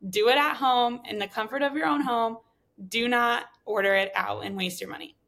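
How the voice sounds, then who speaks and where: Female podcast host, hoarse and gravelly, casual opinionated chat. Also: a little high, fairly even intonation, normal speed, fairly bright tone. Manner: chatty, opinionated hot takes. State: voice giving out, hoarse.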